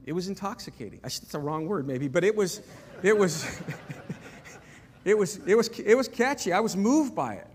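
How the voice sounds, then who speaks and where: Male pastor, 50s, animated storyteller with a slightly high voice, large hall reverb. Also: fairly quick, slight background noise. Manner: animated storyteller, repeats words and restarts. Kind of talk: sermon with personal story.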